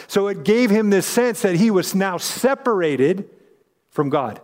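A man's voice: sits high, animated, measured pace, darkish tone, in a large hall. A man preaching a sermon in a conversational way, acting out the voices in the story he tells. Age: adult parent. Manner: conversational, acts out quoted voices. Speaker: pastor.

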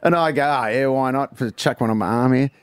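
A man's voice: mid-range voice, fairly quick, clear, resonant tone, dry recording. Chatty Australian man, dry close sound. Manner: chatty, laughs easily while telling stories. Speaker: radio host. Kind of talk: casual chat.

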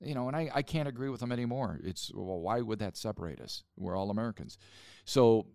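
A man's voice: lowish voice, fairly quick, gravelly, darkish tone, dry recording, clean studio sound. A man who founded a museum, telling stories in a casual interview, recorded at the museum. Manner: chatty storyteller. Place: rock museum.

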